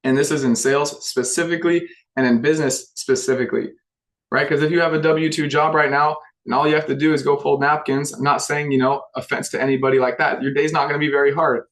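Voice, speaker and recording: A man's voice: fairly high pitch, steady tone, fast talker, low-quality recording. A man who leads an insurance sales team, giving a motivational talk with emphatic repetition and rhetorical questions. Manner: emphatic, repetitive, keeps asking "right?".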